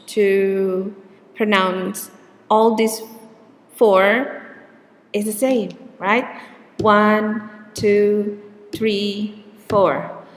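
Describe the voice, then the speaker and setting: Slow patient woman teacher, reverberant hall. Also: mid-range voice. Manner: slow and patient, repeats words with exaggerated stress. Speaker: English teacher. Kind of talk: recorded pronunciation lecture.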